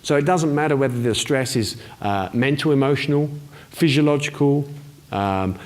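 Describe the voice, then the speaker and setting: A man's voice: mid-range voice, normal speed, darkish tone. A man giving casual explanatory health advice to camera, chatty, with frequent restarts and check-in questions. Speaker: wellness presenter.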